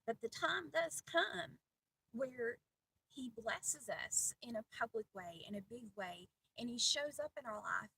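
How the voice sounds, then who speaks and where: A middle-aged woman giving a heartfelt personal devotional talk, earnest and pausing often. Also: on the high side, lively intonation, pushed and bright, distant mic, slight background noise, rough recording. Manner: earnest, heartfelt, with many pauses and fillers. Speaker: Christian video host.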